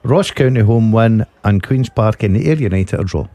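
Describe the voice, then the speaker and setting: A man's voice: fairly low pitch, animated, moderate pace, heavy background noise. A Scottish man talking football as a radio pundit, plain and easygoing. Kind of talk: casual radio sports chat. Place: radio studio.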